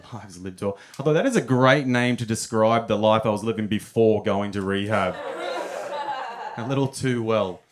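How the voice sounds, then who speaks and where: A young man telling stories in a stand-up set at a comedy club, often chuckling at his own punchlines. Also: on the low side.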